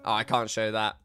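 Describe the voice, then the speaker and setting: A man's voice: on the low side, fairly bright tone. A young man from Southwest England who streams, giving casual, joking, rambling commentary.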